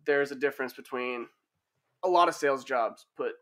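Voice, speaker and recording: A man's voice: medium pitch, moderate pace, fairly bright tone. Give me an easygoing young man, a bit hesitant. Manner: easygoing, reflective, hesitant with fillers. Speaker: podcast guest. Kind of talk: casual chat.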